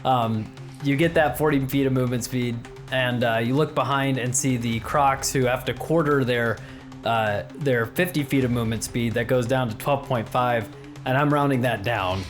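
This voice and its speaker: A man's voice: medium pitch, moderate pace, soft background music. A man narrating as game master of a tabletop game, easygoing and loose. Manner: easygoing, many fillers and restarts.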